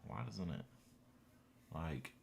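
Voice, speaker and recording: A man with an extremely deep, gravelly voice talks to himself at his home computer, cursing at his code under his breath. He speaks slowly, yet his pitch swings a lot between low grumbles and sudden exasperated outbursts. Faint typing and room noise sit behind him. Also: wildly swooping pitch, a little mellow. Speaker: self-taught coding student. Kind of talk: unscripted screen-recorded vlog.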